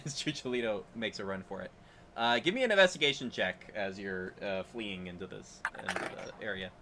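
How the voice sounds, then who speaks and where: A man running a tabletop role-playing game as game master, narrating in a relaxed, rambling way with fillers and chuckles. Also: on the low side, a little fast, slight background noise.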